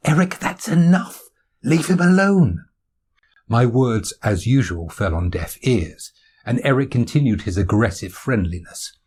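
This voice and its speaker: A man's voice: lowish voice, darkish tone, husky. A man reading his own novel aloud as audiobook narration, in a wry, self-deprecating first-person manner.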